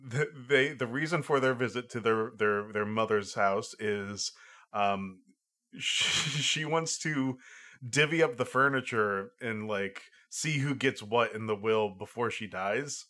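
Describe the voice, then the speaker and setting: A man chatting casually about a movie, halting and restarting often with lots of fillers. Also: fairly low pitch, pushed and bright. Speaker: podcast co-host. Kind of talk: casual film review chat.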